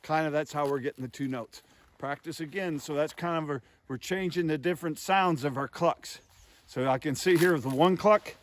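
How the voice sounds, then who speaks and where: A goose call instructor walks through the technique step by step, voicing honks and clucks as demonstrations. His voice is a little high at a normal speed, and heavy background noise runs underneath.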